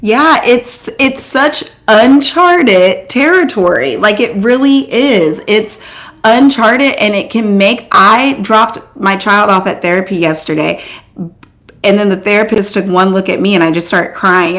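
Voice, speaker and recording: A woman's voice: on the high side, unhurried. Chatty woman vlogger talking with viewers. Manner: chatty, reads out viewer comments, lots of "like" and "um"; animated, voice jumps up when excited. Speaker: host. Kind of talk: casual live chat with viewers.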